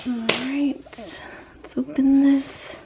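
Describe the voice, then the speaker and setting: A young woman hosting a beauty unboxing vlog, gushing and squealing with excitement. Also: high voice, drawn-out words, background noise. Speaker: beauty vlogger. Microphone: camera mic.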